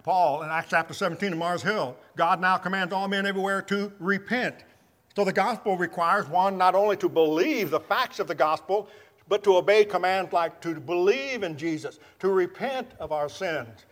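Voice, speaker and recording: High-voiced preacher in a reverberant hall. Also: male voice, a bit bright. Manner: measured, emphatic scripture teaching. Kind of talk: sermon.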